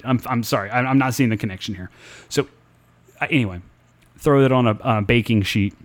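A man's voice: mid-range voice, a little fast, pauses often. A man co-hosting a casual talk show, telling a long story in a profane, exasperated way, with frequent restarts and repeated words.

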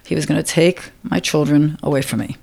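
A middle-aged woman recounting a personal experience in an interview, emotional and halting, often repeating words. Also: low-pitched, steady tone, creaky, darkish tone.

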